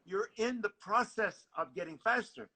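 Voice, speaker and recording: A man's voice: high-pitched, moderate pace, heavy background noise. An older man coaching a horn player over a video call in a masterclass, singing rhythms in scat syllables. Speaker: horn teacher.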